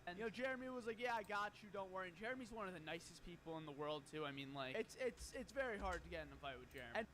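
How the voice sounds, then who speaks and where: A young man tells a story at a brisk clip in an upbeat, chatty vlog style. His voice sits high and bright, with a faint hiss under it. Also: expressive. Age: young adult. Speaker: YouTuber.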